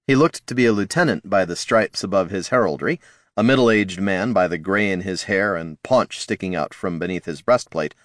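A man narrating a fantasy audiobook in a lively, expressive storytelling manner. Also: low-pitched, normal speed, no room sound, clean studio sound.

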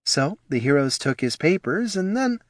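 A man voicing a poor, proud female gnoll mother who speaks softly and pleads, in a storybook reading. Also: a little high, sing-song, moderate pace, no room sound, clean studio sound, pitched above the performer's own voice. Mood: sorrowful.

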